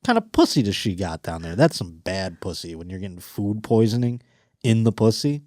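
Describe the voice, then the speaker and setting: A man hosting a podcast in casual comedic chat, crude and animated, swearing constantly and mocking the stories he reads. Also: on the low side, moderate pace, no room sound, clean studio sound. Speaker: podcast host.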